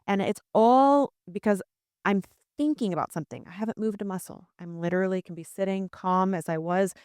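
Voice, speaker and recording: A woman in her thirties hosting a podcast, reflective and animated as she shares her own experiences. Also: mid-range voice, a little fast, clear, resonant tone, dry recording, studio quality. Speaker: podcast host. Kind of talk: conversational interview.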